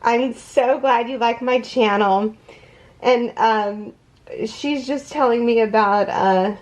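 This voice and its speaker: Emotional, gushing woman, slow delivery. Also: fairly high pitch. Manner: emotional, gushing, effusive thanks; halting, restarts often. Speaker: crochet channel host. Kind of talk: casual unboxing vlog.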